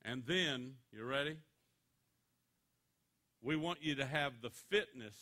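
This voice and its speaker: Bright-voiced animated male motivational speaker. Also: medium pitch, slow pace, pauses often. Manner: animated joking storytelling. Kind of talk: motivational speech to students.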